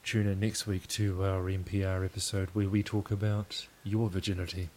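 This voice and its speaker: A man with a low voice co-hosts a podcast, rambling loosely and laughing often as he talks. A faint hiss sits under the recording. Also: little pitch movement, moderate pace, a little mellow. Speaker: podcast co-host. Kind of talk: casual chat.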